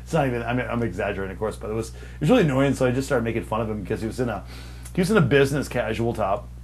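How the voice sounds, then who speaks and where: A young man hosts a loose podcast chat, spinning long stories in a rambling, profane and mocking way. His voice sits at an ordinary middle pitch. A faint hum runs under the recording. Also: expressive, racing, darkish tone. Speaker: podcast host. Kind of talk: casual storytelling chat.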